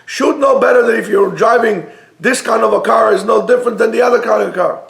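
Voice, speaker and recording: A man, a rabbi, giving a Torah lecture, emphatic and rising to near-shouts on key points. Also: high-pitched, fairly quick, gravelly. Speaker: rabbi teaching a class. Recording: roomy echo.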